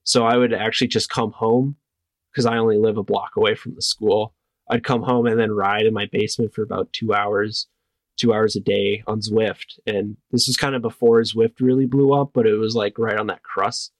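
A young man from northern Wisconsin, a cyclist, answering interview questions in a relaxed way with lots of "like". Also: fairly low pitch, normal speed, dry recording. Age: young adult. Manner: relaxed, many "like" fillers. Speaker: cyclist guest.

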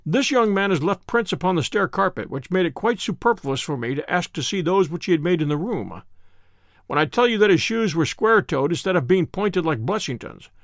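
Man reading as a calm, assured detective. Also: high voice, creaky, no echo, clean studio sound. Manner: calm, precise, explaining. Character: sharp, confident male detective, middle-aged.

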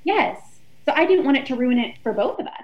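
Animated young woman telling a story, slightly higher voice, muffled sound. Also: fairly quick. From Texas. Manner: animated storyteller who acts out quoted friends. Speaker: guest, former reality show contestant. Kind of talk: casual storytelling interview.

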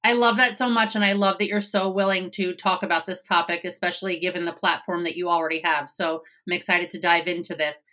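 A woman hosts a podcast interview, opening with a clear introduction and friendly questions. Her voice is bright and forward, and her manner stays upbeat throughout. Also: lowish voice, fairly even intonation, brisk, few pauses, low-quality recording. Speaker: podcast host.

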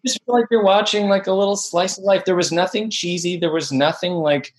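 A man's voice: sits high, a little fast. A man being interviewed as an actor, telling a behind-the-scenes story with enthusiasm and acting out quotes. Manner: enthusiastic, acts out quotes in voices. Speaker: actor guest. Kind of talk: animated interview talk.

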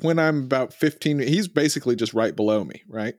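A man's voice: medium pitch, a little fast, dry recording. A man with a mid-range voice plays a tabletop game. He casually lays out his moves one step at a time. The sound is dry and close. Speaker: player.

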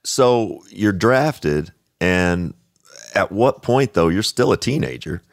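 Deep, gravelly, slow-talking male host. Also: animated, dry recording, clean studio sound. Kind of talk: interview questions.

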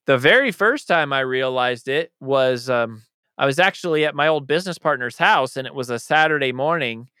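Bright, passionate man, dry clear sound. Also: medium pitch, animated, normal speed, no room sound. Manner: passionate and emphatic. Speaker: author and interview guest. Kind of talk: conversational interview answers.

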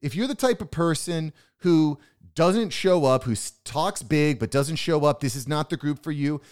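A man talking alone on his business podcast, getting fired up and emphatic as he goes. His pitch swings a lot, rising and dropping between points. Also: animated, normal speed, a little mellow, smooth. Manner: pumped-up motivational, emphatic. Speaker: podcast host. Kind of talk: solo business podcast monologue.

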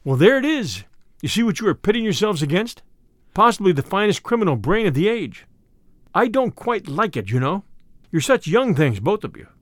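A man reading aloud as a weary older male spymaster, measured and grave. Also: sits high, big pitch swings, no echo, clean studio sound, voice pushed up. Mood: concerned.

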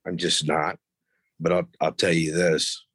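A man's voice: deep voice, measured pace, slightly rough, dry recording. A middle-aged man telling blunt, profane stories from his past in casual conversation. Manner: profane, blunt, animated when quoting others. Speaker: podcast guest. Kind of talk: casual storytelling.

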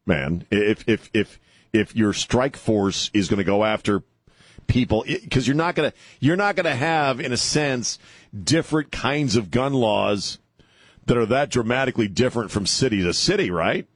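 A man's voice: mid-range voice, animated, normal speed, slightly rough, no echo. A man hosting a talk radio show, rambling and sarcastic, stopping and restarting with lots of fillers. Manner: rambling, sarcastic, self-interrupting, many fillers. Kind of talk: opinionated talk radio monologue. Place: radio studio. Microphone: studio microphone.

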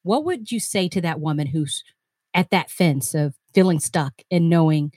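A woman hosts an interview podcast and encourages her guest with warm praise. She laughs easily and keeps a casual, conversational tone. Her voice is recorded close and dry, with no room echo. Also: low voice, expressive, normal speed.

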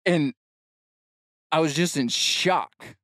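A middle-aged man on a podcast telling a long funny story, animated and shouting out the lines he quotes. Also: fairly high pitch, takes it slowly, dry recording, clean studio sound. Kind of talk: casual storytelling chat.

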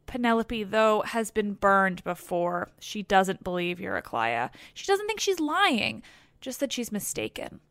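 A woman's voice: medium pitch, very animated, a little slow, a bit bright, dry recording, studio quality. Wry woman telling an old myth. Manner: wry, playful asides. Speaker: podcast host and narrator. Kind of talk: casual storytelling retelling of a myth.

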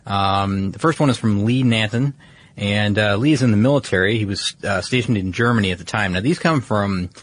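A man's voice: on the low side, fairly quick. A man hosting a casual podcast, rambling with lots of fillers and restarts. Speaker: podcast host.

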